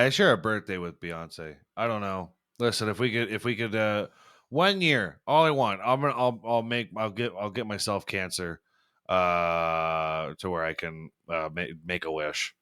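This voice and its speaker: A man's voice: on the low side, pushed and bright, clear, resonant tone, no room sound, studio quality. A young man hosting a casual podcast, ranting in a rambling, profane way with lots of stumbling restarts. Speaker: podcast host.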